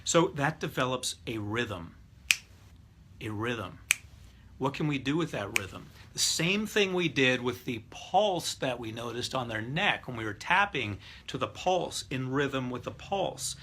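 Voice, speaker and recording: A middle-aged hypnotist teaching NLP lectures a live class on rapport techniques, going step by step and demonstrating voices and breathing out loud. His medium-pitched voice is expressive, bright, and forceful, and he speaks unhurriedly. Slight background noise is audible.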